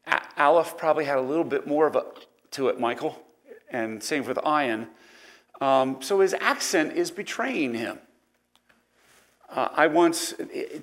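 A man's voice: mid-range voice, fairly bright tone. A man with an East Coast American accent teaching a Sunday school Bible lesson in a conversational, digressive way. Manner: conversational, digressive, with fillers and asides.

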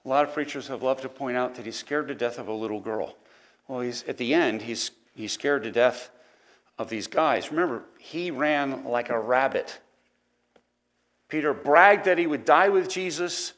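A man's voice: mid-range voice, moderate pace, a bit bright. A man with an East Coast American accent teaching a Sunday school Bible lesson in a conversational, digressive way. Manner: conversational, digressive, with fillers and asides.

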